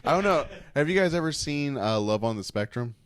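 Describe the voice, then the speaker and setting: A man co-hosting a podcast, telling stories in casual, animated, rambling chat. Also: mid-range voice, fairly quick, clear, resonant tone. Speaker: podcast co-host.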